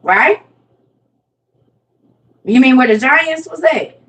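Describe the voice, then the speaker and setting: A woman's voice: sits high, expressive, slow, a bit bright, far from the mic. A woman in her forties giving a casual Bible lesson, playful and constantly quizzing her listeners. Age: 40s. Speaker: Bible teacher.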